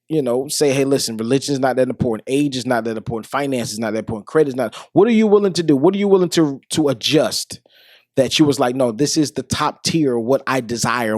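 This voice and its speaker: A man's voice: medium pitch, darkish tone, no room sound, studio quality. A man hosting a podcast who talks to his listeners about dating in a casual, preachy way and repeats his questions for emphasis. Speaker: podcast host. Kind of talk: casual monologue on relationships.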